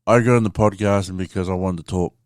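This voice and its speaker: A man's voice: low voice, fairly even intonation, fast, a little mellow, no echo, studio quality. A man hosting a podcast, rambling casually through a story and swearing freely as he talks to his listeners. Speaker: podcast host.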